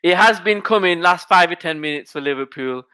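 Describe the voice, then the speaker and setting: A man doing live play-by-play football commentary, calling each pass in quick running phrases. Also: high-pitched, clear, resonant tone, no room sound. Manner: rapid running play-by-play, rising to excited shouting at goals.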